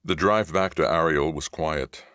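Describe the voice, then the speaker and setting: A man reading a novel aloud as a steady audiobook narrator. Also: extremely low pitch, measured pace, clear, resonant tone, dry recording, clean studio sound. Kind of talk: scripted narration.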